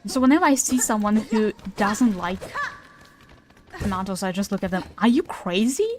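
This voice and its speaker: A woman's voice: mid-range voice, moderate pace, background noise. A woman streaming a video game, chatting casually in English with a Ukrainian tinge, playful and self-mocking. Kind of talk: casual gameplay commentary. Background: game music.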